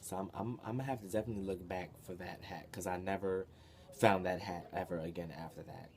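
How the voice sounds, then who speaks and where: A young man tells a wild story from his past to the camera. His voice sits fairly low, and he swings from muttering to loud, profane outbursts. It has the feel of a casual vlog. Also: fast talker, slight background noise. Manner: animated, profane, expressive with sudden loud bursts. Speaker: vlogger.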